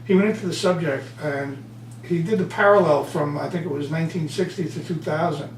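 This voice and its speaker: A man being interviewed as an author and speaker, telling stories with lively acted-out quotes. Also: on the high side, fairly quick. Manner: animated storyteller, acts out quotes. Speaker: guest author and motivational speaker. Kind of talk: conversational interview. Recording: roomy, distant mic, faint hum.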